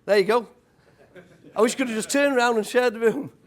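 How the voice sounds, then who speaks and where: High-voiced British man, lively stage talk. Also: a little fast. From United Kingdom. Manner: energetic, quizzes the crowd, blunt tradesman talk. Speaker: speaker at a property event. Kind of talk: motivational talk to a live audience.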